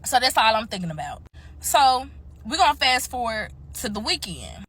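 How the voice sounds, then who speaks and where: Woman, storytime vlogger; bright and forceful, a bit high, chatty and swearing freely. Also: big pitch swings, normal speed, husky. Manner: chatty, profane, addresses viewers as y'all. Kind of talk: casual storytime vlog.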